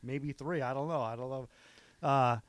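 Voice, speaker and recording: A man's voice: mid-range voice, moderate pace, no echo. A man co-hosting a podcast in casual chat, telling stories animatedly and laughing often. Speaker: podcast co-host.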